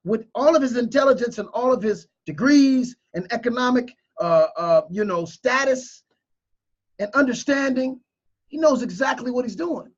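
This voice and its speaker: A man's voice: very high voice, lively intonation, normal speed, highs cut off. A man giving emotional, preachy video commentary, repeating his points with strong emphasis. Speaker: crypto commentator.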